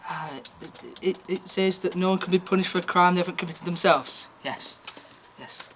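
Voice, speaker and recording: An actor playing a flustered, stammering history teacher in a student comedy drama. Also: male voice, high voice, fairly even intonation, normal speed, fairly bright tone, slight background noise.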